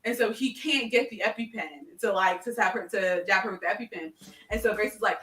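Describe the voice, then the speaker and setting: A woman co-hosting a casual chat, excitedly retelling a TV episode and acting out its dialogue. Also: medium pitch, fairly quick, reverberant, recorded from a distance, faint music behind. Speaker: podcast co-host. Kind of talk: casual chat recapping a TV show.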